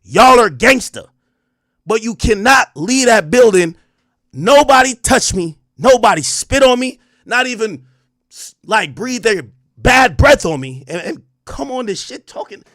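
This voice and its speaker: Hoarse man ranting on stream. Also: very high voice, expressive, a little slow, dry recording, studio quality. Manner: loud heated trash talk, then hushed near-whisper. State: losing his voice. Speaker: livestream host. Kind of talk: ranting livestream commentary.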